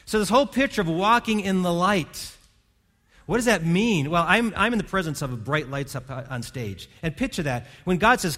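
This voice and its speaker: A pastor preaches from a church stage, earnest and conversational, often restarting his words. His voice is high, a bit bright, animated, and brisk, with long hall reverb on the recording.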